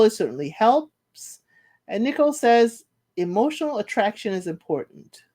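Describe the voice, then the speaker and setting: A woman casually recapping a reality show, chatty and teasing, with playful questions to her viewers. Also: mid-range voice. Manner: chatty, animated retelling with playful asides to viewers; laughs often, teasing and questioning.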